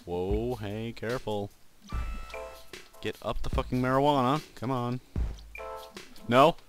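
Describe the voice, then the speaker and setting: A man doing let's play gaming commentary, excitable and swearing often, yelping when he fails. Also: mid-range voice, slow pace, faint music behind. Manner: excitable, swears a lot, yelps at failures.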